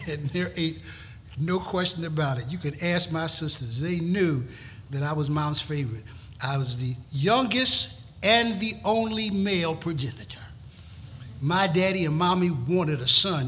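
A man's voice: sits high, bright, forceful tone, slight background noise. A middle-aged male pastor preaching a sermon in a folksy, emphatic way, often repeating words as he builds a point.

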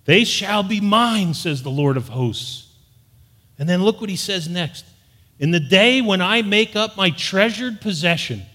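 Middle-aged guy preaching, kinda high voice, big echoey church hall, gets fired up. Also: a bit bright. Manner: earnest preaching, rising to emphatic peaks. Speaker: pastor. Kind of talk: sermon. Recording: long hall reverb.

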